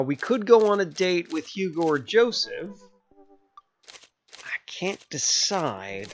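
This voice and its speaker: Male streamer, young, jokey narrator, animated delivery. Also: a little high. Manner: jokey, switches between narration and character voices. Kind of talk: voicing a dating game playthrough. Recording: slightly dull lo-fi sound with faint music.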